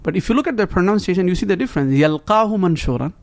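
A man's voice: high-pitched, expressive, rapid-fire, gravelly, darkish tone. A man as a guest scholar, earnestly explaining in broken English and reciting quoted Arabic phrases. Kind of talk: explaining in conversation.

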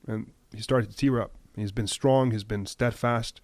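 A man giving impassioned news commentary, emphatic at times and dropping to a hushed, grave tone. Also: lowish voice, steady tone, normal speed, dry recording. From United States.

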